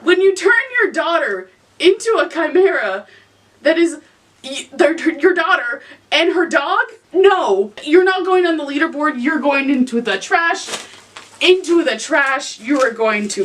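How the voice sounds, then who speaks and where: High, lively young woman ranting. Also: a little hiss or hum. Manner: animated, exasperated, swears freely. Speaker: host. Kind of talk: casual ranking rant. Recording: voice from some distance to the mic.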